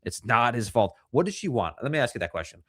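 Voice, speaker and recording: A man co-hosting a casual livestream review, animated and swearing casually, acting out scenes in mocking voices. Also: medium pitch, fast talker, dry recording, clean studio sound. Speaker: podcast co-host.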